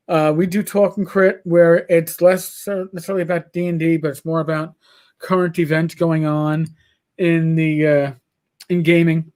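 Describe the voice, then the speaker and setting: A man's voice: sits high, darkish tone. A middle-aged man co-hosting a livestream, telling rambling stories with swearing and many restarts. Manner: rambling storyteller who swears and restarts a lot. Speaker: livestream co-host. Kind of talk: casual chat.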